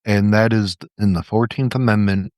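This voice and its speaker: Male co-host, lowish voice, explainer, enthusiastic and profane; dry recording. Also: steady tone, moderate pace, darkish tone, no echo. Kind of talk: casual chat.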